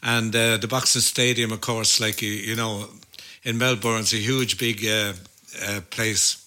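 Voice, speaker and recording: Older Irish man, bright voice, rambling anecdotes with restarts. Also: fairly low pitch, level tone, unhurried. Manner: rambling, many fillers and restarts. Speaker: musician recalling gigs. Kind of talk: storytelling in casual chat.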